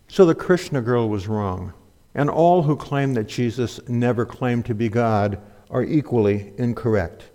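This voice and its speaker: A man's voice: mid-range voice, a little mellow. A man preaching a sermon in an earnest, teaching manner, quoting scripture and books. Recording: long hall reverb.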